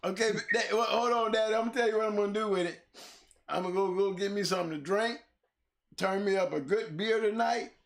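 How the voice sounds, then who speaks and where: Here's a man with a high, creaky voice who talks fast, co-hosting a podcast about a dog show. The casual chat happens on camera under a bright light. He laughs until he's teary-eyed and swears without restraint.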